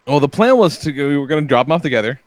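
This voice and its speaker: A man's voice: on the high side, animated, racing, no echo. Laid-back swearing podcast man. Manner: laid-back storyteller, swears freely, chuckles often. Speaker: podcast co-host. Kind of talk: casual podcast banter.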